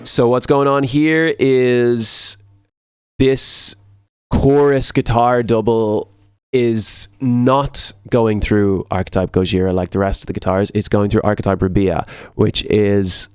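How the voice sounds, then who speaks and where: A man who produces music, talking through a tutorial in a relaxed, casual way and often repeating words for emphasis. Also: lowish voice, slow pace, smooth, no echo, studio quality.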